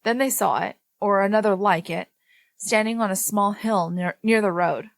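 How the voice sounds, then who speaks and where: A woman's voice: mid-range voice, normal speed, vocal fry, no room sound. A woman podcast co-host reading a paranormal story aloud, breaking off now and then to laugh and joke with her co-host.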